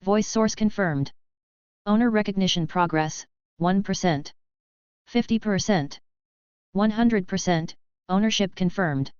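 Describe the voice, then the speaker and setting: A woman's voice: mid-range voice, unhurried, long pauses, clear, resonant tone, dry recording, highs cut off, natural voice. A woman reading as an emotionless doll robot. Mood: mechanical. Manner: flat mechanical monotone.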